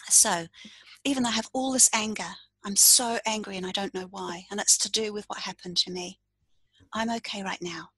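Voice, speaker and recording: A woman coach leading a calm, step-by-step tapping demonstration, saying the tapping phrases aloud as she explains each point. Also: mid-range voice, fairly quick, husky, no room sound, low-quality recording. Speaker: coach and tapping practitioner, podcast guest.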